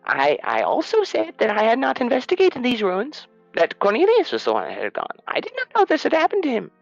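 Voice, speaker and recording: A man voicing a flamboyant, fussy male gnome shopkeeper who floats on a pillow, speaking in a high, swooping, theatrical voice. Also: wildly swooping pitch, fairly quick, vocal fry, lo-fi sound, soft background music, full character voice. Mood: indignant.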